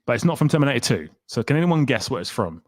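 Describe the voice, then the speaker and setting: A man's voice: mid-range voice, big pitch swings, fast, no echo. Chatty man hosting a livestream. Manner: chatty, rambling, reads comments aloud. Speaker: livestream host. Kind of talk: casual livestream chat.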